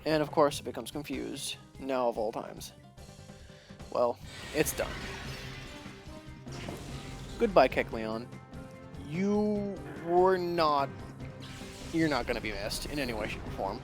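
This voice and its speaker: A let's play host commentating on a video game, exasperated and laughing in frustration at a fight that will not go their way. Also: medium pitch.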